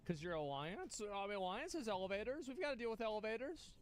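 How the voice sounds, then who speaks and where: Brief: young male game streamer, high and very animated voice, exasperated and profane. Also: fast. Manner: exasperated, swearing, stammering. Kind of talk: live gameplay commentary.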